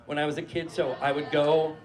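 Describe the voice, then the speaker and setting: A man in his forties from New Hampshire, telling a casual, profane and animated story on stage before a live audience. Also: fairly high pitch, brisk.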